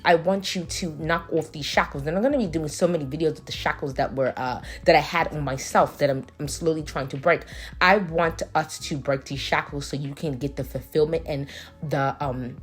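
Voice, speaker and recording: A woman's voice: low voice, moderate pace, soft background music. A woman talking casually in a put-on British accent, rambling with lots of fillers as she does a nail tutorial. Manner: rambling, filler-heavy, preachy asides. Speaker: nail artist.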